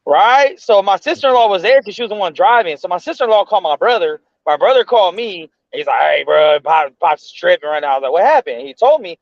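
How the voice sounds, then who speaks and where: Fast-talking high-voiced man telling stories. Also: no echo, dull audio. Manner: animated, slangy, swears freely. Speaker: podcast co-host. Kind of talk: casual storytelling chat.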